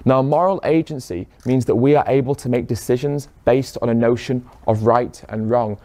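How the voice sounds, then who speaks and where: A man's voice: mid-range voice, normal speed, a little mellow. A man giving a persuasive public talk, speaking straight to a room of listeners and firing rhetorical questions at them. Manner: poses rhetorical questions to the audience. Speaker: speaker addressing an audience.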